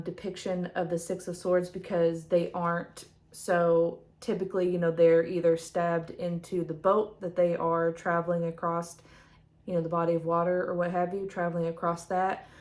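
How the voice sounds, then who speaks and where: A woman vlogger chatting casually as she shows her tarot decks, rambling with lots of fillers. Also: on the low side. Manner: rambling, soft-spoken, many fillers.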